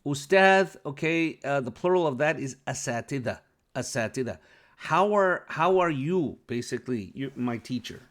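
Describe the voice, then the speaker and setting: A man's voice: mid-range voice, expressive, moderate pace, fairly bright tone. A man who is not a native Arabic speaker, teaching Arabic vocabulary patiently and often checking understanding with an "okay?". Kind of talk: explaining a lesson.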